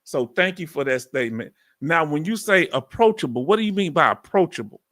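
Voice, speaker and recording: A middle-aged man with a strong Southern accent from Texas, loudly and folksily chatting live with his viewers as host. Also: on the high side, animated, brisk. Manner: loud and folksy, reads out viewer comments. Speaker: livestream host. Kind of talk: casual live chat with viewers.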